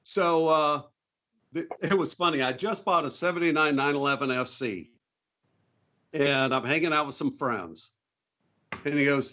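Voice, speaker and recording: A man's voice: fairly high pitch, measured pace, long pauses, pushed and bright. A man guesting on a podcast, chatting casually and telling jokes playfully. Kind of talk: casual chat.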